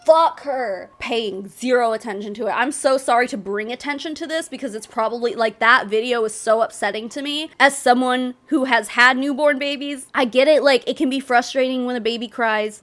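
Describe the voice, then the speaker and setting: A woman's voice: on the high side, fairly bright tone. Blunt, swearing woman reaction commentator. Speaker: YouTube commentator.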